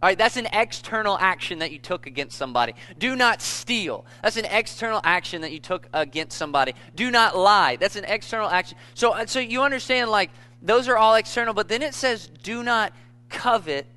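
A man's voice: high-pitched, expressive, fairly quick, pushed and bright. A man preaching a sermon in a church, conversational and humorous, with many asides and restarts. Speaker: pastor.

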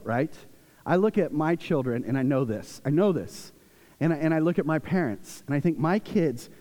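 A pastor in his forties delivers a sermon in a relaxed, conversational manner, his voice sitting a little high. He keeps things lively with humorous asides and family anecdotes. A long church-hall reverb trails after his words. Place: church sanctuary.

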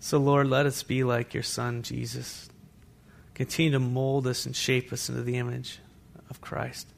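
A man preaching a sermon as pastor to a congregation in a church, animated, with asides to the listeners. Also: medium pitch, normal speed, vocal fry, slight background noise.

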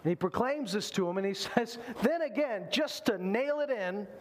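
High-voiced animated male preacher. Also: moderate pace. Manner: animated, acts out quoted voices. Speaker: pastor. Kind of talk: sermon.

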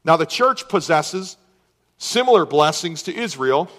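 A middle-aged male pastor with a high voice delivers a sermon. He reads scripture aloud with earnest emphasis. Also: sing-song, a little slow, a bit bright.

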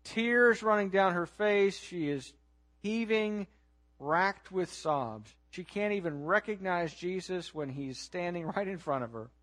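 Male preacher, high voice, dramatic storytelling sermon with hushed lows and loud peaks. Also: unhurried. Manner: asks listeners to imagine the scene.

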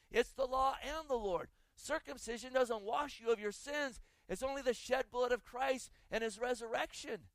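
A man's voice: high voice, fairly bright tone, dry recording. A man preaching a sermon and reading scripture aloud, asking the congregation rhetorical questions as he goes. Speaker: pastor.

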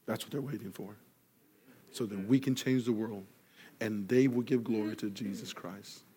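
A man preaching a sermon, telling a story and acting out each person in it, rising loud when excited and falling soft and quiet for earnest points. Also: lowish voice, moderate pace, slightly rough. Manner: animated storyteller, acts out dialogue, grows loud in excitement. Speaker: pastor.

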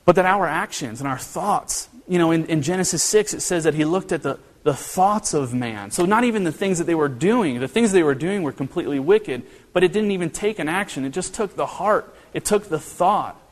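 A man preaching a sermon in a church, earnest and animated, often restarting his phrases. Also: on the high side, a little fast, few pauses, long reverb tail. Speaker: pastor.

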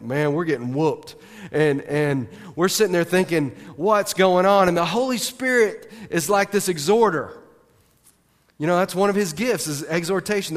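A man preaching a sermon, animated, moving from excited outbursts to soft, earnest appeals. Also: on the high side, long reverb tail. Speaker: pastor. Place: church.

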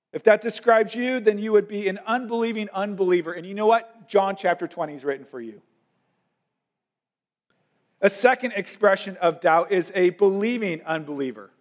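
A man preaching a sermon at a church service, stressing key phrases and slowing down on them. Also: sits high. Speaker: pastor.

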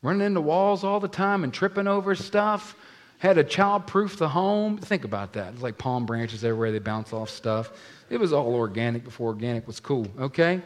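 A man's voice: a little high, normal speed. A man preaching a sermon to a congregation, acting out the voices in the scripture story and asking the room questions. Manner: animated, acts out scripture voices, talks to the congregation. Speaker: pastor.

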